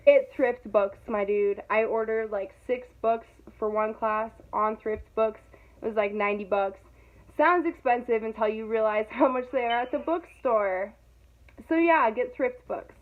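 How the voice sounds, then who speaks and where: Animated young woman vlogger, tinny sound. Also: on the high side, measured pace. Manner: animated, dramatic, self-mocking, laughs often. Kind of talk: casual chat to camera.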